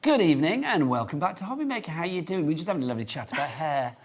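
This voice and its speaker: A man's voice: fairly high pitch, big pitch swings, very fast, a little hiss or hum. A Welsh man presenting a live TV shopping show, chatty and teasing. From Wales.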